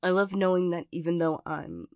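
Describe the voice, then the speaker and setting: A woman voicing an awkward young girlfriend, gruff but loving, in a whispered role-play, hesitant and stammering with nervous little laughs. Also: on the low side, fairly even intonation, moderate pace, a little mellow, no room sound, studio quality, lightly acted. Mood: flustered. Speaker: ASMR role-play performer.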